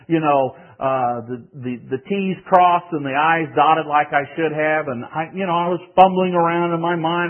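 An older man preaching, telling a story from his youth in an animated voice that swings between loud and hushed. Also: fairly high pitch. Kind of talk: sermon testimony. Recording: tinny phone-like sound.

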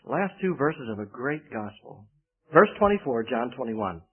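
Male preacher, folksy anecdotal sermon delivery, slightly husky, lo-fi phone-line audio. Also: medium pitch, big pitch swings, moderate pace. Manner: folksy storytelling, acts out quoted voices. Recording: tinny phone-like band.

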